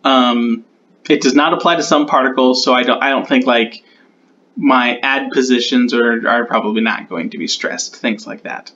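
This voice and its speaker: A man talking through his own tutorial, thinking aloud and slowing down as he types out rules. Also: medium pitch, fairly bright tone, highs cut off, slight background noise. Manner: muses aloud, repeats test words, slows down while typing. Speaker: conlang creator.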